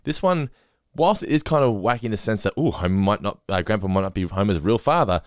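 A man's voice: fairly low pitch, lively intonation, fast, no echo, clean studio sound. A young man co-hosting a podcast, rambling casually about an episode with many fillers. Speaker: podcast co-host. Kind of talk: casual chat reviewing an episode.

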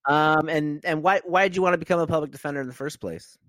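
A man's voice: fairly high pitch, fairly bright tone, dry recording. Easygoing man hosting a podcast. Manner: easygoing questioner, halting restarts. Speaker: podcast host. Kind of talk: casual podcast interview.

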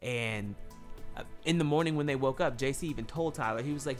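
A man's voice: medium pitch, brisk, soft background music. A man hosting a podcast in casual chat, earnestly retelling events and quoting people. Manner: earnest, tells stories, quotes people. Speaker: podcast host. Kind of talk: casual chat recapping a reality show.

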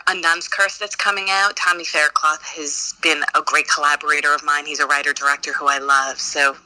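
A woman actress in an interview, chatting in a bubbly, gushing way with lots of fillers and quick asides. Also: deep voice, level tone, sharp tone, no room sound, poor audio. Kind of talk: casual interview chat.

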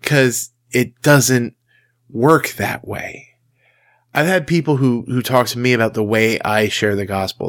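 A man's voice: medium pitch, steady tone, normal speed, a bit bright. A man giving a casual sermon in a conversational, emphatic way, acting out the quotes he tells. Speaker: Christian speaker.

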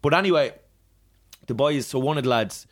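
A man's voice: medium pitch, moderate pace. An Irish man with an Irish accent, a comedian guest, telling rambling, sweary stories in casual podcast chat and laughing often. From Ireland.

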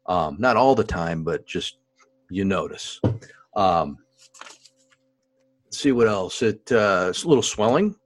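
A very deep-voiced man co-hosts a casual podcast. He talks in an animated, chatty way and laughs often. His voice sounds dry and close, with no room around it. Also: a little slow, pauses often, no room sound. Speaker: podcast co-host, expectant father. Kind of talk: casual chat.

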